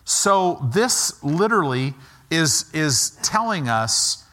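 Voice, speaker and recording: A man's voice: on the high side, sharp tone. A middle-aged man preaching a sermon, emphatic and repetitive, leading the congregation in call-and-response. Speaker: pastor.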